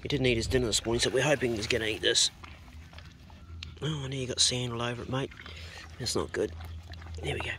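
A man's voice: mid-range voice, fairly even intonation, brisk, long pauses, sharp tone, slight background noise. A man with a New Zealand accent chatting casually outdoors for his homesteading vlog and talking fondly to his dog. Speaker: homesteading vlogger. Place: outdoors on a beach.

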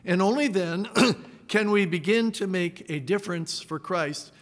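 A man preaching a sermon as pastor, measured, with dramatic pauses. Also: high-pitched. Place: church sanctuary. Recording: long church reverb.

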